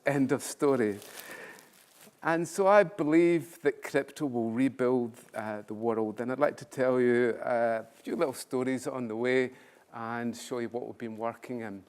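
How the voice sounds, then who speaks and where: An older man, a professor giving a conference talk with self-deprecating humorous storytelling. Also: mid-range voice. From Scotland. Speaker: keynote speaker, professor.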